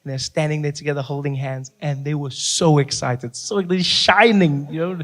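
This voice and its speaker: A man with a South African accent doing animated stand-up storytelling, acting out the people in it. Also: on the high side, moderate pace. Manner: animated, playful, acts out characters. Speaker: stand-up comedian.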